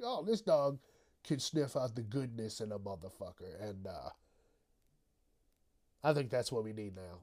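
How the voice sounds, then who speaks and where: Slow-talking, rambling, profane male podcaster. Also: medium pitch, a little mellow. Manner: rambling, profane, trails off and mumbles. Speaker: podcast host. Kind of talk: casual solo news commentary.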